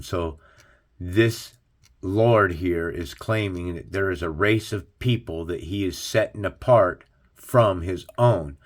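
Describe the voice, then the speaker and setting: A man with a low-pitched voice gives casual, preachy commentary on scripture. He talks bluntly and swears freely. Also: fairly bright tone. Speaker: host of a religious commentary channel.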